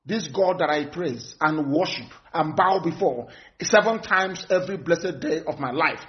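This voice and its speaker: Fiery high-voiced Nigerian man orating. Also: normal speed, dull audio. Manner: fiery, scornful, repeats phrases for emphasis. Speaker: political activist. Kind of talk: impassioned live broadcast speech.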